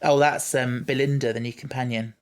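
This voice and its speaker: Brief: an enthusiastic male co-host, mid-pitched and chatty. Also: steady tone, brisk. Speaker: podcast co-host. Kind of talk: casual chat.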